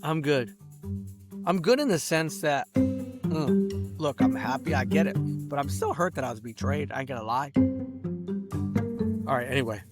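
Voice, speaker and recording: A man's voice: medium pitch, animated, moderate pace, pauses often, loud music behind the voice. A middle-aged man in an angry, rambling vlog rant, swearing and ending sentences with "bro" and "dog". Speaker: vlogger.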